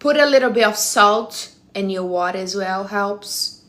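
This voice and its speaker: On a live stream, a woman casually hands out blunt, teasing advice in English with non-native phrasing. Her voice sits at a typical middle pitch for a woman, a little bright, and she speaks at a measured pace.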